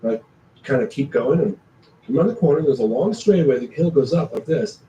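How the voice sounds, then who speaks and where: A man tells a hiking story with energy, his voice mellow and low in tone, jumping from whispers to sudden exclamations. He sounds distant from the mic in an echoey room, with faint ambient noise behind him. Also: fairly quick, lo-fi sound. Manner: animated storyteller, acts out his own past thoughts. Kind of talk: casual storytelling chat.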